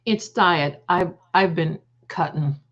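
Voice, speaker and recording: A woman's voice: on the low side, slow pace, a bit bright. A woman hosting a casual livestream, chatting and greeting viewers by name. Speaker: psychic livestream host. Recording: dull lo-fi stream audio.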